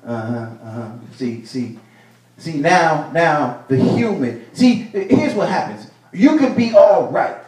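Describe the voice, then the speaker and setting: Man preaching with a high lively voice. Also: slow pace. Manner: preaching with rising bursts and repeated phrases. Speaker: pastor. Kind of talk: sermon. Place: church sanctuary. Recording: echoey church room, mic at a distance.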